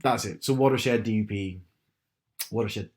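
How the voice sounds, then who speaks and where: A man's voice: lowish voice, moderate pace, a little mellow. A young man with a Northern Irish accent, co-hosting a casual podcast chat and explaining at length with many restarts. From Northern Ireland. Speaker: podcast co-host.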